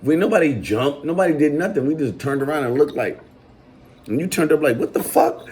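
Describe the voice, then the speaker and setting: Brief: blunt, lively man host, higher voice, swings in pitch, slight background noise. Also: a little fast, poor audio. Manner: blunt, animated, acts out reactions in quoted voices. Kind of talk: casual conversation.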